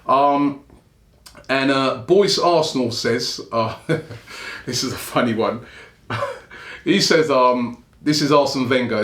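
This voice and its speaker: A man hosting a fan show, running through viewer comments in a loose, chatty way and chuckling as he goes. His voice sits at an ordinary middle pitch. The recording has a clear roomy echo around it. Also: a bit bright. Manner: chatty, chuckles often between remarks. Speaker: fan channel host. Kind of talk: casual chat reading out viewer comments.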